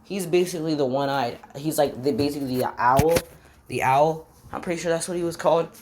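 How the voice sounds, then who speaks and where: A woman improvising a fan story out loud, rambling, stopping on fillers and forgetting names as she goes. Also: sits low, fairly quick, slight background noise.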